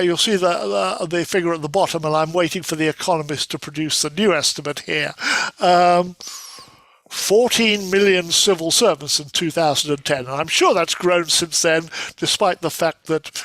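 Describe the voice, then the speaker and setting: A man's voice: fairly high pitch, fairly bright tone, no echo. A man giving a casual lecture from slides, talking conversationally with many fillers and restarts.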